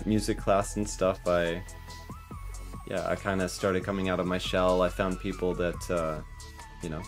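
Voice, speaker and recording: A young man streaming, telling a story casually with frequent laughter and a self-conscious manner. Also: deep voice.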